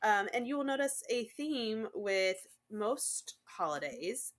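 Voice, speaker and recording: A woman's voice: mid-range voice, very animated, slow pace. A woman co-hosting a casual podcast, chatting and reading from notes with lots of ums and a slightly dry throat. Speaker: podcast co-host. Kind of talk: casual chat.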